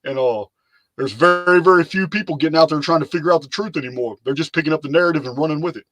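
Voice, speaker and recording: A man's voice: on the high side, fast talker, fairly bright tone, no room sound. A man hosting a casual live chat, loose and rambling, often repeating himself as he talks. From lives in Texas. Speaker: live stream host.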